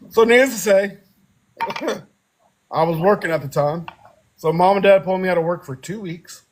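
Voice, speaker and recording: On a casual podcast, a young co-host speaks in a high voice, a little slowly, with long pauses. He tells a family story with animation, doing character voices and laughing a lot.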